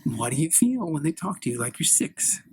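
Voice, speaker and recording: A man improvising a gentle middle-aged mother who questions her daughter like a therapist. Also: fairly high pitch, very animated, brisk, noisy background. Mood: soothing. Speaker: improv performer. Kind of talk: solo improv scene.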